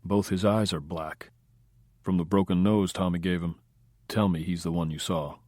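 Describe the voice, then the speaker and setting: A hard-nosed cop voiced by a man reading a crime audiobook speaks bluntly and to the point. His voice is low and dry, as if right at the mic. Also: steady tone, moderate pace, a little mellow, dry recording. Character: blunt male police detective.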